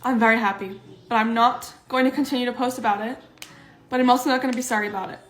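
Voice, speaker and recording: Young woman vlogging, teary and choked up, kinda high voice, echoey room, music in the back. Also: fairly even intonation. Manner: earnest, halting, apologetic. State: tearful, on the verge of crying. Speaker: social media poster. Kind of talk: emotional vlog to camera.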